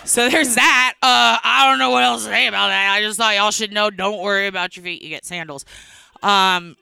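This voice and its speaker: Bright, chatty storytelling woman. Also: mid-range voice, steady tone, a little fast, creaky, clear, resonant tone. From Texas. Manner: chatty, rambling, laughs between lines. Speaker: stand-up comedian. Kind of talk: storytelling stand-up.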